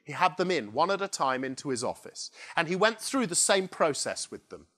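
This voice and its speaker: A man giving a conference keynote, telling a story in an animated way and acting out the people in it. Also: a little high, a little fast. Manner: animated, acts out quoted characters. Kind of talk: storytelling presentation. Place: conference hall.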